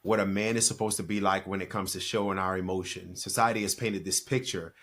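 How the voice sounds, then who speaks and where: A man's voice: low-pitched, fairly even intonation, fairly quick, fairly bright tone. A man in his forties, a podcast guest, talking earnestly and telling a personal story, acting out the dialogue. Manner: earnest, emphatic, acts out quoted dialogue. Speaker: podcast guest, speaker and author. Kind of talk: reflective storytelling in conversation.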